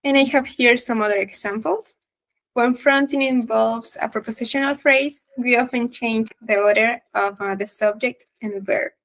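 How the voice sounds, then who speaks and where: Higher-voiced woman presenting grammar to class. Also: normal speed, a bit bright, poor audio. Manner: reads definitions and examples aloud with fillers. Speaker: student presenter.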